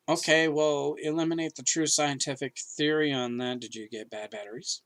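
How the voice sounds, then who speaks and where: Emphatic rambling man, higher voice. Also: fairly even intonation, normal speed, hardly any pauses, fairly bright tone. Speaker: podcast co-host. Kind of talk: casual chat.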